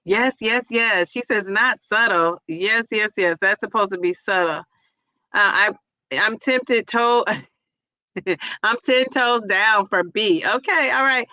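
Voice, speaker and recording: A woman's voice: mid-range voice, takes it slowly, sharp tone, no room sound. A woman hosting a casual livestream, chatty and laughing easily as she reads a quiz and viewer comments aloud. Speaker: livestream host.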